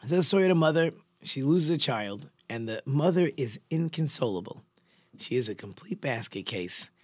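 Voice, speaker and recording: A man's voice: medium pitch, lively intonation, normal speed, no room sound. A man teaching as a religious teacher, telling a story in an earnest, conversational way with frequent restarts. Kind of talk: storytelling sermon.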